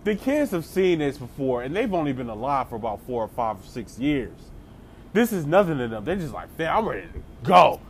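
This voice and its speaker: A man telling a comedic story in a casual, animated way, full of slang and laughing asides. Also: medium pitch, brisk, slight background noise.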